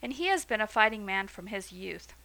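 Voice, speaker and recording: A woman's voice: medium pitch, sing-song, brisk, gravelly, sharp tone, heavily acted, rough recording. Woman reading as brave young shepherd David. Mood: earnest.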